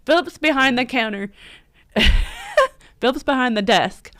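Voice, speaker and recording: A woman's voice: sits high, a bit bright, no echo. A middle-aged woman, hosting a casual live stream, chatty, emotional, and close to tears as she laughs. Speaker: livestream host and horror store owner.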